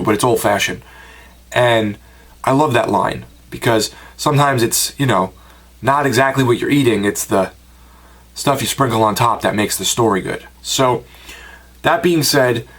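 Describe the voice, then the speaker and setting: A man's voice: medium pitch, unhurried, a bit bright, slightly rough. An American man giving a casual, rambling home-video review with personal asides. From United States. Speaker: film reviewer and collector.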